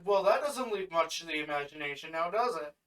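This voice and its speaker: High, animated male co-host throwing in short questions and asides, a bit off-mic. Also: fairly quick, recorded from a distance. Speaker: podcast co-host. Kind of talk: casual podcast chat.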